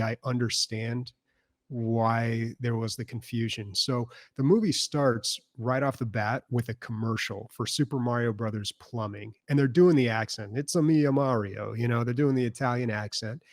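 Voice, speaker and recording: A man's voice: medium pitch, no echo, studio quality. A man co-hosting a casual gaming podcast, telling a long story with lots of fillers and restarts. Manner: rambling, filler-heavy storytelling. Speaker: podcast co-host. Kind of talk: casual chat.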